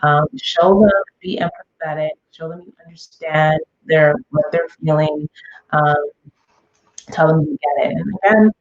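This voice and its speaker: A woman's voice: low-pitched, unhurried, dull audio. A middle-aged woman hosting a parenting podcast, giving casual advice with lots of "okay?" and "um". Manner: chatty, frequent "okay?" and "um" check-ins.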